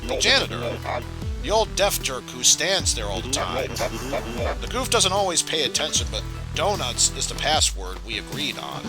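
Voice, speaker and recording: A man's voice: medium pitch, big pitch swings, normal speed, natural voice, low-quality recording. A man reading a game's fatherly older male mentor aloud, fond and rambling, with game music playing behind. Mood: insistent.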